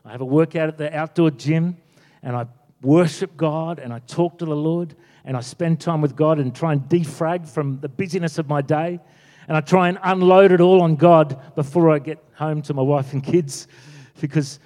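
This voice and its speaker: Preacher in an echoey hall. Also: male voice, fairly high pitch, moderate pace. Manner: animated storytelling, acting out quotes. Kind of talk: sermon. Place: church.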